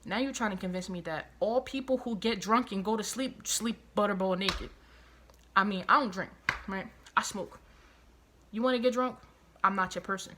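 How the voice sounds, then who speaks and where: A woman vlogger telling a personal story, animated and profane, hammering her points home through repetition and outraged disbelief. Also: medium pitch. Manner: animated, profane, emphatic retelling with heavy repetition; outraged, incredulous. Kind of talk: storytime vlog.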